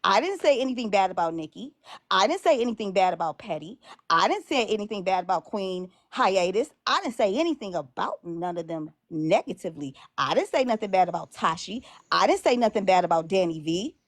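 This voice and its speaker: A woman's voice: mid-range voice, very animated, fairly quick, dry recording. A woman hosting a live stream, upset and blunt, swearing freely and hammering the same points over and over. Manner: upset, blunt and profane, repeating her points. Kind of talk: heated live stream argument.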